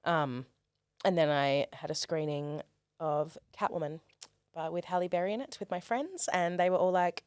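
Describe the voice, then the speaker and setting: A young Australian performer telling stories in a casual interview, animated and comic, acting out quoted voices. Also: female voice, deep voice, moderate pace, smooth, no room sound, clean studio sound. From Australia, Perth. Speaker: guest, performer.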